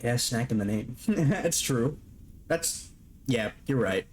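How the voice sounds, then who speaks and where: A man's voice: medium pitch, lively intonation, takes it slowly, slight background noise. A young man streaming a game from home, chatting loosely with his audience, swearing casually and laughing often. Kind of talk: casual live-stream chat while gaming.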